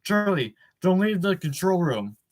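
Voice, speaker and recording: A man's voice: sits high, very animated, measured pace, full character voice. Worried teen boy, as a man reads him. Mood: urgent. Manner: urgent.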